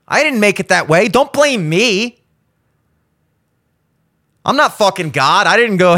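High-voiced swearing ranter, dry sound. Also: male voice, lively intonation, measured pace, long pauses, sharp tone, dry recording. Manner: profane, ranting, heavy swearing; insistent, repeats points for emphasis. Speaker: show host. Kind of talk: blunt opinion monologue.

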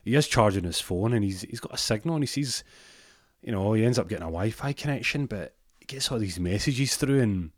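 A man's voice: lowish voice, animated, a little fast, dry recording, clean studio sound. A man telling an improvised comic story in a rambling way, often stumbling over repeated words.

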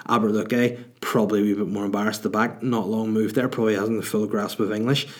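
A man's voice: lowish voice, fairly even intonation, fast talker. A Northern Irish man in his thirties hosting a podcast, chatting casually and joking through rambling anecdotes while answering listener questions. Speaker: podcast host.

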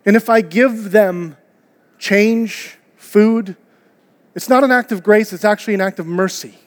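A man's voice: sits high, a little slow. A man preaching a sermon to his church in an earnest, conversational way, asking his listeners rhetorical questions. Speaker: pastor. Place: church auditorium. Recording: long hall reverb.

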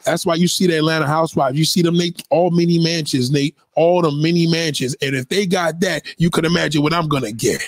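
A man voicing a brash, profane woman from New nearing sixty, who rants at the viewer in a loud, boastful, rambling comic monologue. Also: fairly high pitch, brisk, hardly any pauses, natural voice.

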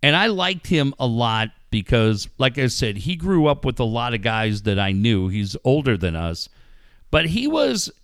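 A man's voice: medium pitch, big pitch swings, measured pace, fairly bright tone, dry recording, studio quality. A man who hosts sports radio, casually telling a profane story and acting out quotes. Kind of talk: casual podcast banter.

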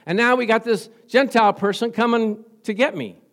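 A man preaching a sermon as pastor, chatty and questioning, shifting from soft asides to loud fervent emphasis with frequent laughter. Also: high-pitched, animated, fairly quick, few pauses. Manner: conversational, quizzes the congregation, laughs often.

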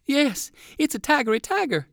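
A man voicing two frightened young boys in a storybook reading, crying out in a shrill, panicky way. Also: sing-song, moderate pace, gravelly, fairly bright tone, dry recording, studio quality, exaggerated voice. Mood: panicked.

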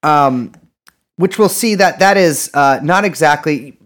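A man's voice: a little high, measured pace, a bit bright. A man co-hosting a casual political podcast, joking around, swearing freely and often restarting his sentences. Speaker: podcast co-host.

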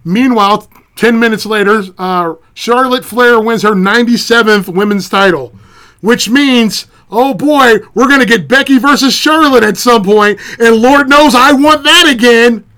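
A man hosting a podcast, telling a sarcastic, animated comedic rant. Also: very high-pitched, measured pace. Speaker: podcast host.

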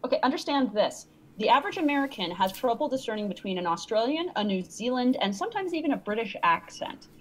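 Lively, teasing woman hosting a podcast. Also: on the high side, fast, few pauses, slight background noise. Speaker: podcast host. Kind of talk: casual chat.

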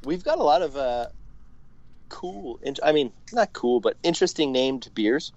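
A man's voice: fairly high pitch, lively intonation, moderate pace, darkish tone, dry recording, highs cut off. A man in his thirties from Canada, chatting as a podcast guest, laughing often and hesitating with lots of fillers and casual swearing. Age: 30s. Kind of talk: casual chat.

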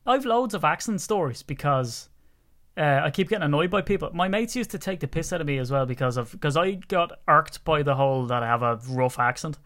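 A man with an Irish accent from Wicklow, co-hosting a podcast and chatting casually, telling animated stories. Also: fairly high pitch, a little fast. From Ireland, Wicklow. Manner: animated storyteller, acts out quoted voices. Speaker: podcast co-host.

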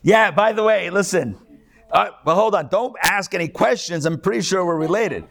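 A man's voice: high voice, animated, normal speed, vocal fry, a bit bright. A man, a rabbi, giving a live class lecture to an in-person and online group in a conversational way, with jokes and asides to his listeners. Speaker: rabbi teaching a weekly class.

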